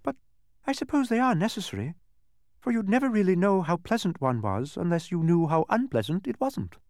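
A man's voice: high-pitched, very animated, brisk, a little mellow, no echo, voice pushed up. Storybook figure: a kind, worried woman voiced by a man with a raised, lilting voice and a dry, close sound. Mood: earnest. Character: kindly, fretful woman who keeps sounds.

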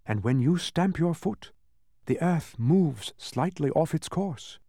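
A man reading aloud, voicing a grave, quiet, wise young princess in a storybook. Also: on the high side, slow pace, dry recording, studio quality, pitched above the performer's own voice, heavily acted. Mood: gentle, wise. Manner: calm, quiet, patient.

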